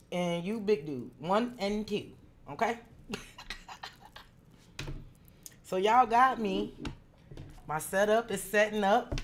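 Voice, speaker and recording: A woman tarot reader chatting casually on a live stream, greeting viewers by name and slipping into soft asides. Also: mid-range voice, slight background noise. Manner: drops into soft asides while fiddling with setup.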